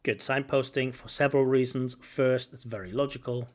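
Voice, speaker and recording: A man's voice: mid-range voice, steady tone, normal speed. A man working as an exam examiner, talking through a recorded speaking test and repeating words to model how they should sound. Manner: thinks aloud, repeats words to model pronunciation. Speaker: IELTS examiner giving feedback. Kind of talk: reviewing a recorded test aloud.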